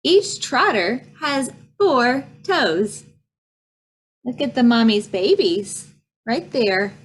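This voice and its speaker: Woman, children's librarian, preschool storytime, very slow read-aloud, sing-song, breathy. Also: a little high, animated. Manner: slow, sing-song reading with animal noises.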